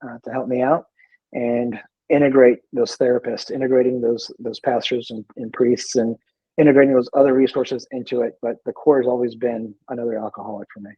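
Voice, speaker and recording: A man with a husky, slightly breathy voice tells his story in an easygoing way, stopping often and going back over his words. His sound is dry and a bit muffled, like a lo-fi remote call. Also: medium pitch, fairly even intonation, brisk, dark tone, no echo. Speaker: guest, veteran in recovery. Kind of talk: casual interview talk.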